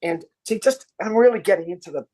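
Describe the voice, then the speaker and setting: An American man in his sixties, a ventriloquist guest on a podcast interview, teaching in an animated, demonstrative way. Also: sits high, fast. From United States. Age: 60s. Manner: animated, demonstrative teaching, acts out little voices.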